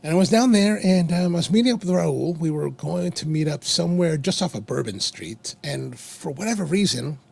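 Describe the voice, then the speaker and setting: A man's voice: fairly high pitch, expressive, moderate pace, gravelly, hardly any pauses, darkish tone, slightly rough. A man co-hosting a casual chat show over coffee and cigars, telling a rambling story with many restarts. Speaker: podcast co-host.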